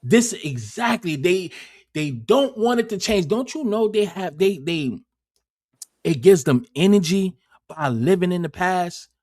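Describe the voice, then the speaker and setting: Profane, rambling livestream host. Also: male voice, sits high, animated, unhurried, a little mellow. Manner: profane, rambling, repeats words often. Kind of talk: casual livestream commentary.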